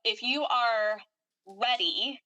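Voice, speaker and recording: A woman energy worker calmly guiding a clearing session over a video call, giving steady instructions and reciting long lists of commands. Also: a little high, slow pace, no room sound, dull audio.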